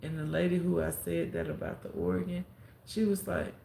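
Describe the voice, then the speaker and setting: Her lowish, gravelly voice moves at normal speed as this content creator tells a story on a live stream. She acts out people's words with animation and gives heartfelt advice, against a roomy echo and faint background ambience.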